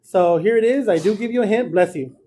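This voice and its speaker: A man's voice: sits high, fairly quick, mellow, a little hiss or hum. A man teaching a math class in a classroom, explaining each step in a casual way. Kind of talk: classroom lecture.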